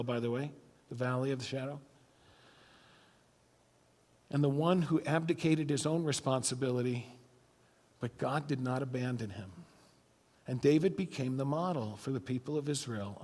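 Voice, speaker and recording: A male pastor delivering a sermon, telling a scripture story with emphatic stretches that fall to a hushed tone. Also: mid-range voice, moderate pace. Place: church sanctuary. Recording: church hall reverb.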